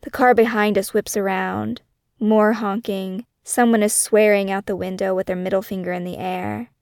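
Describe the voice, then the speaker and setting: Gravelly woman reading her memoir. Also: mid-range voice, level tone, darkish tone, dry recording, clean studio sound. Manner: measured, reflective reading. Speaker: memoir narrator and podcast author. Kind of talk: scripted memoir narration.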